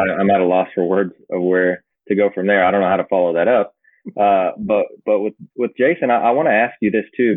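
A man's voice: sits low, dry recording. A male host asking a long, rambling follow-up question with fillers. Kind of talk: interview. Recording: dry tinny phone-like line.

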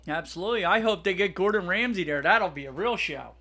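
Excitable podcast co-host, slightly high-pitched man, rambling and loose. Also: quick pace. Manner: excitable, laughs loudly, rambling. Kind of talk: casual chat.

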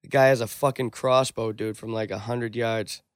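A young man in casual chat, excitable and swearing heavily. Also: medium pitch, moderate pace, clean tone, no echo, clean studio sound.

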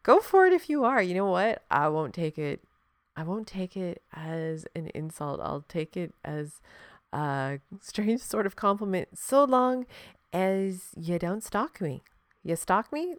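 A woman's voice: fairly low pitch, no room sound. Frank, profane woman hosting a podcast. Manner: frank, profane, laughs often, talks straight to the listener. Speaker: podcast host. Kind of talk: casual reflective monologue.

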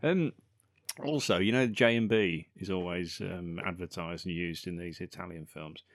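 A man's voice: deep voice, moderate pace, dry recording, clean studio sound. A man co-hosting a podcast, chatting about a film and often ending remarks with "isn't it?". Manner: chatty, ends remarks with tag questions. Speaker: podcast co-host. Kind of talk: casual chat about a film.

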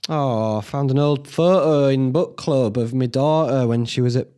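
A man's voice: mid-range voice, moderate pace, mellow, smooth. A young man, hosting a casual solo podcast from home, rambling and swearing freely. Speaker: podcast host. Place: indoors at home.

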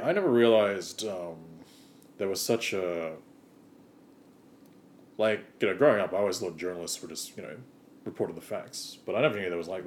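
A man's voice: sits low, a little hiss or hum. A man co-hosting a podcast in a rambling, giggly, casual comedic chat. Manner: giggly, rambling, deadpan teasing. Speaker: podcast co-host.

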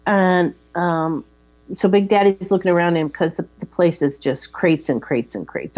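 Mellow-voiced woman recapping a film. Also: on the low side, normal speed. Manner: steady recap with fillers, quoting lines plainly. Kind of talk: casual chat retelling a film.

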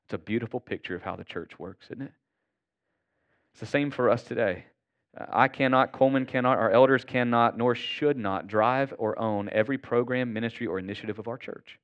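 Casting man, pastor mid-sermon, earnest and conversational, mid-pitched, slightly dull lo-fi recording. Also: a little fast. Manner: earnest, conversational preaching with repeated "y'all".

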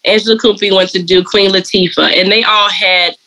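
A woman, a dog groomer and colorist, telling her story in a casual interview and slipping into lively voices when she quotes people. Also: medium pitch, fairly quick, rough recording. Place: lives and works in Atlanta.

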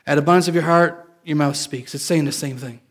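A man's voice: on the high side, fast talker. A man preaching a sermon in a casual, confessional way, joking with his listeners. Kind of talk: conversational sermon.

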